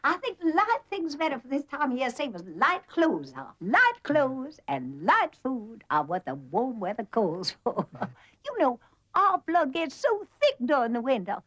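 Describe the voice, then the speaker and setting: A woman's voice: high-pitched, huge pitch swings, unhurried, a bit bright, exaggerated voice. An actress playing a fussy middle-aged mother with a Southern accent, gushing and chattering in a 1950s film. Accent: American Southern. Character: faded, fussy Southern mother fussing over guests.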